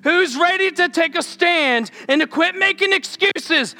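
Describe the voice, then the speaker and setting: A male pastor preaching a fiery sermon, shouting short repeated calls to keep going. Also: very high-pitched, a little slow, vocal fry, few pauses, faint music behind. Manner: fiery, shouted exhortation with punchy repetition.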